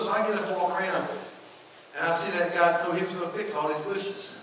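A man's voice: high voice, fast talker. A male pastor, telling a story in a sermon and acting out the people in it. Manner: animated, acts out the people in his story. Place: church sanctuary. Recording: echoey hall from far off, faint noise.

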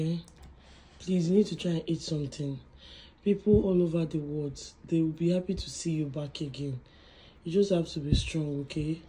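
A woman's voice: low-pitched, warm tone, slight background noise. A woman, pleading tearfully and coaxing someone sick to eat in a home vlog. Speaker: vlogger. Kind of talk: emotional vlog to a sick partner.

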